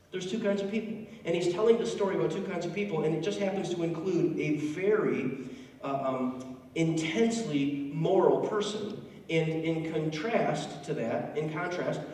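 The voice is fairly high-pitched with a darkish tone. A male pastor delivers an emphatic, conversational sermon through storytelling, captured in a big, echoey church from a distant mic with faint background noise.

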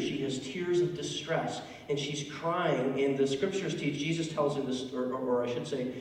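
A man's voice: on the high side, darkish tone. A male pastor preaching a sermon in a conversational, emphatic storytelling manner, recorded in a large church. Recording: echoey hall, distant mic, faint noise.

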